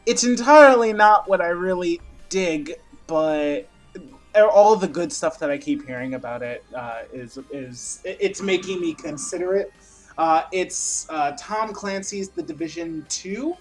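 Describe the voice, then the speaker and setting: A man's voice: sits high, unhurried, faint music behind. A man co-hosting a casual podcast, talking in a loose, easygoing, rambling way. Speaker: podcast co-host.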